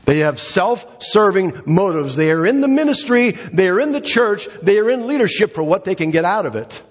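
A male pastor preaching a sermon, emphatic and repetitive, swinging his pitch up and down and short of breath. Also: lively intonation, fairly quick, breathy edge, in a large hall, dull audio. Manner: emphatic, repeats phrases, dramatic pitch swings. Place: church sanctuary.

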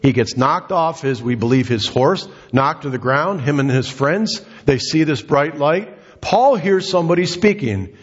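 A man preaching with a husky, slightly high voice, telling his story earnestly and building into passionate emphasis. The sound is dull and lo-fi, with a long reverb trailing every phrase. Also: animated, a little slow. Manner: earnest storytelling, rising to impassioned. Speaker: pastor. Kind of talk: sermon. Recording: dull lo-fi recording in a reverberant hall.

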